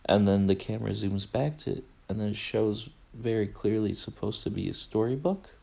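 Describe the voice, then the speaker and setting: A young man with a low, gravelly voice hosts his own podcast and rambles through a film, loose and profane. He stops himself often to correct a word or restart a thought, and he keeps the tone of casual chat throughout. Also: fairly quick, darkish tone. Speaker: podcast host.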